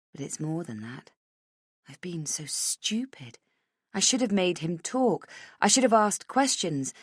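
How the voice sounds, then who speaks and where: A woman with a low voice reads a suspense novel in the first person, measured and steady. Her pitch moves in lively rises and falls, and the recording is close and dry, with no room sound. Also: no echo. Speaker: audiobook narrator. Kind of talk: first-person thriller narration.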